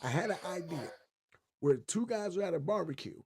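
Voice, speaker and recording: A man's voice: high voice, moderate pace, vocal fry, slight background noise. A man co-hosting a podcast, chatting casually and telling jokey stories with lots of energy. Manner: animated, joking storyteller. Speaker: podcast co-host. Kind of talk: casual chat.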